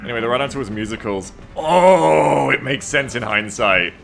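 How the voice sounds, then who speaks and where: A man's voice: medium pitch, lively intonation, normal speed, vocal fry, a bit bright. A man streaming a strategy game, chatting casually with viewers and reading their messages aloud in a playful, teasing way, laughing often.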